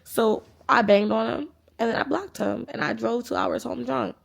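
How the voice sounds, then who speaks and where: A woman in her twenties vlogging, animated and profane as she retells an argument and acts out the quoted dialogue in a casual storytime chat. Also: a little high, moderate pace, gravelly, slightly rough. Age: 20s.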